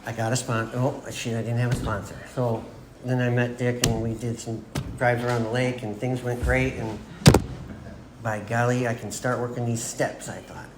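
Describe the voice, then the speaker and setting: A man's voice: medium pitch, little pitch movement, normal speed. Man in his forties, echoey meeting room. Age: 40s. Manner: rambling storytelling, laughs at himself, acts out quoted lines. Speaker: AA meeting speaker. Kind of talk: personal recovery story told to a group. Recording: echoey room with background noise.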